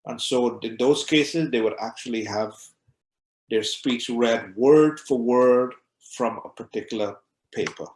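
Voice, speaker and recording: A man's voice: mid-range voice, unhurried, a little mellow. Imam guy teaching a class, easygoing, repeats himself, echoey room. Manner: informal, repeats words, acts out examples. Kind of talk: conversational lecture. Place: mosque classroom.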